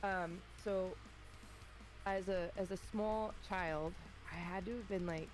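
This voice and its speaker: A woman in her thirties telling a funny childhood story in a relaxed chat, acting out her family's voices. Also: on the low side, takes it slowly, soft background music, rough recording. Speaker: streamer guest. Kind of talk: casual storytelling.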